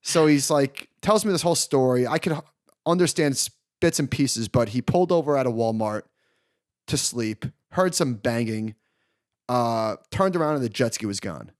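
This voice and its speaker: A man in his thirties co-hosting a podcast, telling a long story in an animated, casual way and laughing along. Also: medium pitch, moderate pace. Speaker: podcast co-host. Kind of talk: casual chat.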